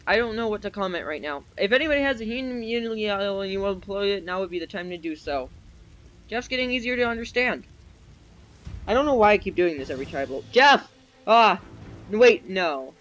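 A man giving excitable live commentary while playing an online game, with a desk microphone. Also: high-pitched, rough recording. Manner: excitable, quick reactions and exclamations. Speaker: gamer. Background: faint game music.

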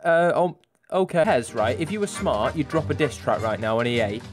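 A man's voice: mid-range voice, lively intonation, moderate pace, over music. A young man giving crude, sarcastic gameplay commentary full of swearing. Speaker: gaming YouTuber.

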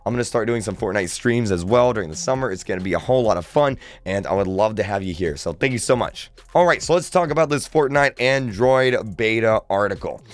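A young man hosting a casual gaming news vlog, chatty and excitable, with lots of fillers. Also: on the low side, brisk, few pauses. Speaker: gaming YouTuber.

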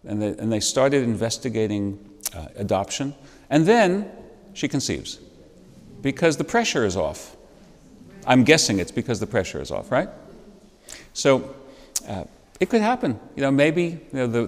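A man leads an adult Bible class in a church, speaking at a middle pitch in a chatty, lecturing way. He drops wry asides with a chuckle and puts questions to the class. His voice carries a long reverb from the church room.

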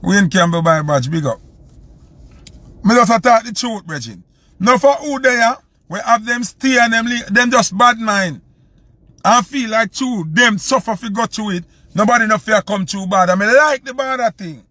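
A man's voice: high-pitched, normal speed, pushed and bright, no room sound. A man from Jamaica with a Jamaican accent, hosting a live stream and ranting heatedly, repeating his points for emphasis. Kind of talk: live-stream commentary rant.

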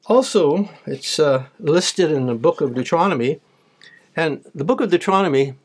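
Man, slightly high voice, sermon, scripture reading, plain explanations. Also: animated, normal speed, husky. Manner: reads verses aloud then explains them plainly, with some restarts. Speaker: preacher.

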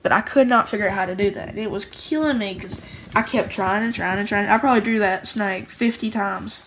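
A woman's voice: mid-range voice, a little fast, fairly bright tone, a little hiss or hum, rough recording. Chatty woman walking through homemade cards. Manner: rambling, upbeat, restarts often. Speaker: homemade card game creator. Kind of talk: casual card walkthrough.

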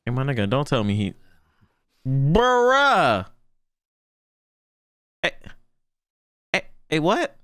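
Excitable young man reacting to anime. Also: a little high, extremely slow, long pauses, no room sound. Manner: excitable, laughs a lot, slangy, shouts in delight. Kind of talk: casual reaction commentary.

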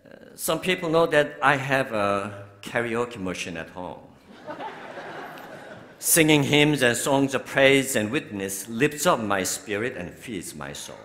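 Older Korean-accented bishop, slow bright delivery, long church reverb. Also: male voice, on the low side. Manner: warm storytelling, laughing often, slow and deliberate. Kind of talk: sermon. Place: large church sanctuary.

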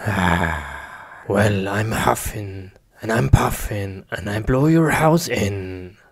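A man's voice: fairly low pitch, expressive, slow. Guy voicing a big bad cartoon wolf, swoopy and sloooow, blusters then whines, noisy audio. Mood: menacing. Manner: blustering threats, then whiny begging. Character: big bad male wolf, pushy but cowardly. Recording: noisy amateur recording.

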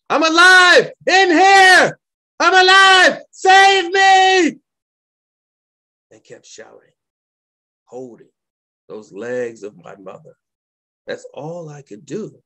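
A man, a poet, reading his poems aloud in a slow, dramatic, deliberate way with long pauses. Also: mid-range voice, gravelly. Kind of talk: poetry reading.

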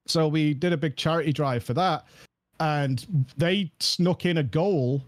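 A man guesting on a podcast, telling a story in an animated, emphatic way and laughing often. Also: a little high, a little slow. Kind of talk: casual podcast chat.

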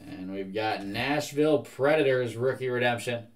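A young man running a live card break, rattling off trading cards at a steady clip. His voice sits at an ordinary middle pitch, and he keeps the talk relaxed and chatty between the cards. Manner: brisk, reads out card after card.

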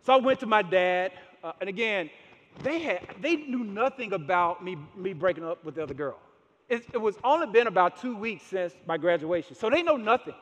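A man with a very high voice delivers a sermon, pressing home his points by repeating key phrases. His words ring out with a long reverb through a large church sanctuary. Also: lively intonation, a little fast, a bit bright, dull audio. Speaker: pastor.

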